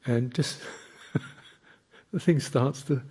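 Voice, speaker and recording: A man, a Buddhist monk, giving a slow, reflective dharma talk with thoughtful pauses. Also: medium pitch, warm tone, husky.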